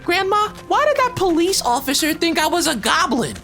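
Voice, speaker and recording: A woman's voice: very high voice, very animated, moderate pace, fairly bright tone, faint music behind, exaggerated voice. A woman voicing an eager little boy. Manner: eager, childlike. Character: small muddy boy, playful. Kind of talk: audio drama acting.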